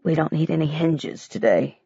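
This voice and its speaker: A woman voicing a tired, subdued father who speaks quietly and wearily. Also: very deep voice, normal speed, slightly rough, dry recording, muffled recording, voice pushed down, full character voice. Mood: weary. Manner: quiet, weary, flat.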